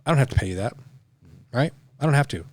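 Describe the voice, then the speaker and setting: A man's voice: mid-range voice, animated, fast talker. A middle-aged man, a podcast guest, talking in a blunt, profane, emphatic way in casual conversation.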